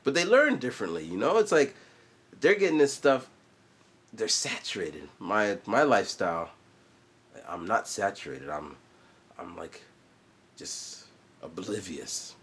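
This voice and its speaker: A man's voice: fairly low pitch, big pitch swings, moderate pace, long pauses, fairly bright tone, breathy edge. A man in his forties, a vlogger and musician, chatting casually in a loose, rambling way full of asides. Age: 40s. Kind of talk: casual vlog chat.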